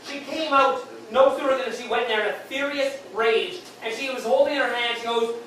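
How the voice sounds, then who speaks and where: A man doing stand-up storytelling on stage, rambling and halting, with many fillers and restarts. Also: extremely high pitch, a bit bright. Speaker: stand-up comic. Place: beer hall comedy stage. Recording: very echoey hall, distant mic, faint noise.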